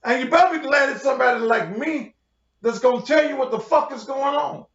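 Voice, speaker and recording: A man's voice: very high voice, brisk, vocal fry, a bit bright. A man who is a pastor, delivering a heated, confrontational rant full of cursing to his online audience. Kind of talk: profane livestream rant. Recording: roomy, dull lo-fi sound.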